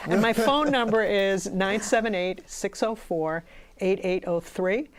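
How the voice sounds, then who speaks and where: A woman's voice: mid-range voice, measured pace, a little hiss or hum. A woman hosting a community television interview, friendly and chatty, thanking her guest and audience. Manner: friendly, chatty, laughs often. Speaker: community TV show host. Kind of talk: casual interview chat.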